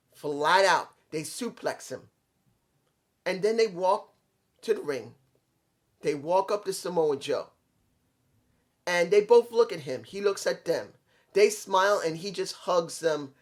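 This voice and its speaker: Man rambling through a wrestling storyline. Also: sits high. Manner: rambling, self-correcting storytelling. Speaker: wrestling fan commentator. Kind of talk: fantasy booking monologue.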